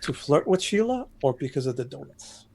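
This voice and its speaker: A man's voice: mid-range voice, sing-song, brisk, vocal fry, darkish tone, slightly rough. A man chatting casually between tabletop game scenes, joking and rambling as he explains things.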